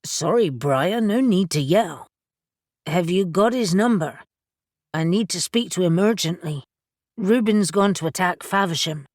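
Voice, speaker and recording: A blunt, irreverent young man with a sardonic edge, as a woman narrator reads him. He talks low and slowly, in a close, dry sound. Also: lively intonation, a little mellow, no echo. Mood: urgent.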